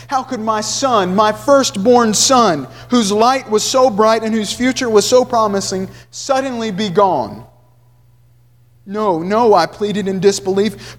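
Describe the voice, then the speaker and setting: A man preaching a sermon, reading a grieving father's account aloud with earnest, slow emotion that drops soft at the grave moments. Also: sits high, in a large hall.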